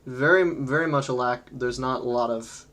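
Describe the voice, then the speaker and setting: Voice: mid-range voice, normal speed, fairly bright tone. A livestream host chatting casually while playing a game, rambling between topics and laughing often. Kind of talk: casual gaming livestream chat.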